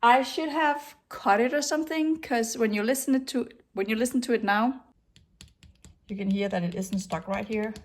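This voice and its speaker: A woman's voice: on the high side, normal speed. A middle-aged woman narrating her DIY home renovation in a casual vlog, talking to herself as she works, with many fillers and restarts. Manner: chatty, self-talking while working, many fillers and restarts. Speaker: DIY vlogger. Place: living room under renovation, indoors.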